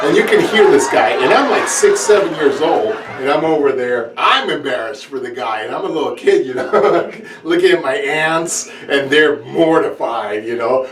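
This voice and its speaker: Male comic storyteller, giggles through his lines, animated delivery, echoey distant room sound. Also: moderate pace, over a noisy crowd. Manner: laughs often, acts out characters in a high voice. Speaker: comedian. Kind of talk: sit-down comedy storytelling. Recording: roomy echo, distant mic, clear background noise.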